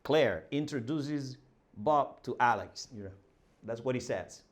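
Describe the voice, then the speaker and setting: A man's voice: medium pitch, lively intonation, unhurried. A male language teacher explaining a dialogue, reading lines aloud and translating them, with many fillers and restarts. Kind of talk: spoken language lesson.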